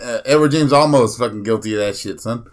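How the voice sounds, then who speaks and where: A man's voice: medium pitch, fast. A man co-hosting a podcast, teasing his partner with crude, profane comebacks. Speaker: podcast co-host. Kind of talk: crude casual banter.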